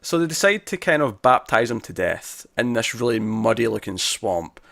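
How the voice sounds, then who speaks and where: A man co-hosting a casual TV review podcast, talking in an animated, exasperated way and swearing now and then. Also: mid-range voice, normal speed, gravelly, no room sound. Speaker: podcast co-host.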